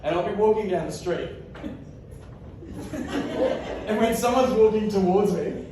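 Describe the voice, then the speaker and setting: A man's voice: sits high, a little slow, heavy reverb, distant mic, background noise. A man in his thirties with an Australian accent, giving a comic keynote talk on stage, laughing often and acting out voices in his stories. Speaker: keynote speaker. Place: large hall with live audience.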